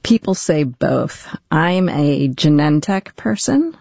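A woman's voice: sits low, measured pace, darkish tone, no room sound, dull audio. A woman business executive being interviewed, explaining in a friendly way with occasional fillers. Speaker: company executive guest. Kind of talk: interview conversation.

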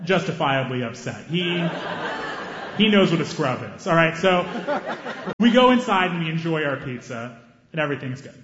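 A man performing a stand-up set on stage with a handheld mic, animated and acting out scenes, breaking into high excited yelps. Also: moderate pace. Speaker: stand-up comedian. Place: comedy stage before a live audience. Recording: roomy, slightly dull live recording.

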